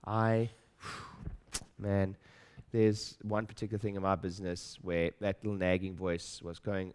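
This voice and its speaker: A middle-aged seminar speaker addresses the audience with a low, clear, resonant voice that has a darkish tone, little pitch movement, and an unhurried pace. His motivational talk on practice-building is emphatic and repetitive, and he dramatizes his doubting inner voice and questions the listeners.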